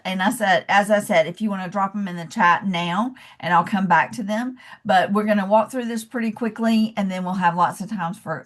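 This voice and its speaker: A woman with a Southern US accent giving a casual, encouraging webinar presentation as a coach over a video call. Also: mid-range voice. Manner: chatty and encouraging, says y'all and calls listeners love.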